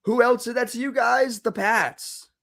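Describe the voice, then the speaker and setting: A young man streams his live reaction to a football game, sounding fed up as he repeats himself and swears now and then. His voice sits high for a man, and his talking is unhurried and drawn out. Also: fairly even intonation, creaky, sharp tone.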